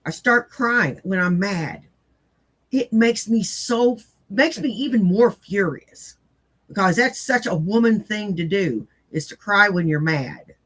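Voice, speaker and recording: A woman's voice: medium pitch, animated, takes it slowly, fairly bright tone, rough recording. An older woman hosting casual commentary, rambling bluntly and poking fun at herself in a folksy way. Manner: blunt, self-mocking, folksy. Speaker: commentary host.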